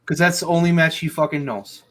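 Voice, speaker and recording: A man's voice: a little high, fairly quick. A man hosting a casual podcast chat, ranting angrily and swearing heavily. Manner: angry ranting, heavy swearing. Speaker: podcast host.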